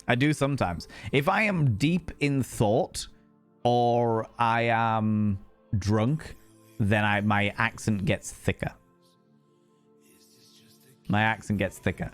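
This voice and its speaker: A man's voice: on the low side, slow pace, pauses often, clear, resonant tone, soft background music. A young man with a Northern English Hull accent, chatting casually with his live chat as a streamer, joking and swearing freely. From England. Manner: swears freely, jokey, slips into other accents.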